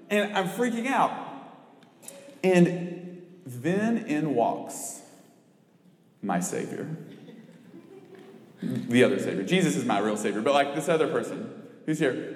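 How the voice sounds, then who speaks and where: A young man, a campus minister, giving a sermon in a casual, self-mocking storytelling way, full of "like". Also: on the high side. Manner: chatty, self-mocking, lots of "like". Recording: echoey hall, long reverb.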